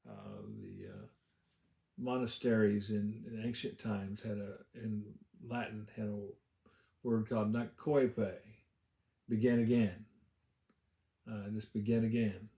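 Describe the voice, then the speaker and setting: Low mellow-voiced male pastor, echoey room. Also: takes it slowly, creaky, long pauses. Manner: conversational, with frequent "uh" fillers and restarts. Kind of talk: casual devotional Bible teaching.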